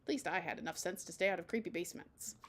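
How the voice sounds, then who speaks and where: A woman's voice: lowish voice, fast, a little hiss or hum. A woman streamer reading a dating game aloud, with casual, chatty asides between the lines.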